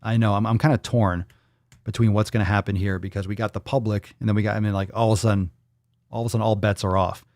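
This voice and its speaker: Guy hosting a livestream podcast, rambly and sweary, thinking out loud, dry sound. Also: lowish voice, flat delivery, fast, no room sound. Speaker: podcast host. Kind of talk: casual livestream chat.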